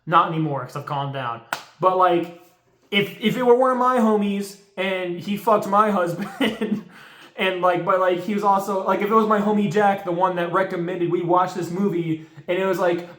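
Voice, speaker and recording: A man's voice: high voice, moderate pace, a bit bright. A young man recapping a horror movie in a casual, profane, exasperated rant full of slang. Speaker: movie reviewer. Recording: roomy echo.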